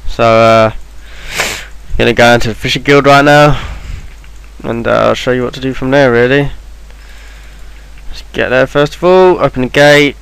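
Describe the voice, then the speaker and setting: A man's voice: medium pitch, normal speed, vocal fry, long pauses, fairly bright tone, smooth, dry recording, low-quality recording. A man talking through a game walkthrough in an offhand, rambling way, with plenty of ums and restarts. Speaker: game guide maker. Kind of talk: casual game walkthrough voice-over.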